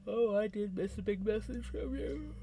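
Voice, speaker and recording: A streamer, chatting casually with viewers on a live stream from home in a relaxed, unhurried way, with sighs and yawns. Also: mid-range voice, slight background noise. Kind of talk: casual livestream chat.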